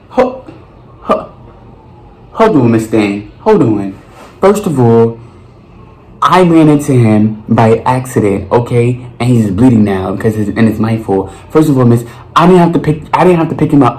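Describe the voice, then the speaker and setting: Animated young New man telling stories. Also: medium pitch. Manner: animated, profane storytelling with lots of slang. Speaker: vlogger. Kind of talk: storytime monologue. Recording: roomy with faint noise.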